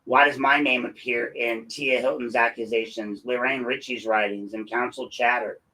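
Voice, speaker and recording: A man's voice: mid-range voice, fairly even intonation, moderate pace, pushed and bright, low-quality recording. Combative, sarcastic male commentator. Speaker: host and local activist. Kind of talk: ranting commentary.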